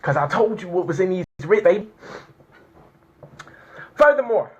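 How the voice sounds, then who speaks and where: Fired-up tearful guy, high voice, lo-fi sound. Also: lively intonation, normal speed, slight background noise. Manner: emotional, cries out in exclamations. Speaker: speaker reading a legal declaration. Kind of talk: fervent spoken declaration to viewers.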